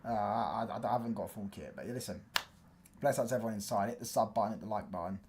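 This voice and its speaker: Over a noisy background, a fast-talking young man with a lowish voice runs a casual football livestream. He rambles in slang, padding his talk with fillers.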